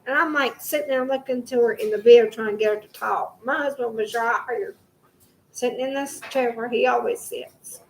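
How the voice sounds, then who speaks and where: A young woman with a high voice talks straight to the camera from her home in a heated, swearing rant that keeps circling back on itself. Faint room noise sits under her voice. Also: normal speed, creaky, low-quality recording. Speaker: vlogger. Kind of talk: angry direct-to-camera rant.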